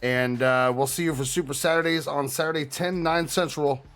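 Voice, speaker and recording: A man's voice: a little high, steady tone, normal speed, a bit bright, faint music behind. A man co-hosting a live race broadcast, playfully acting defeated before signing off the show. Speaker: co-host and race predictor. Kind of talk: live broadcast sign-off banter.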